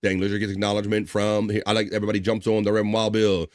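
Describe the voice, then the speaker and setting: Racing along in a fairly low pitch with a completely flat delivery, this man hosts a casual live stream in studio-quality audio with no room sound. Chatty, he reads viewer comments and chat names aloud, joking and laughing a lot.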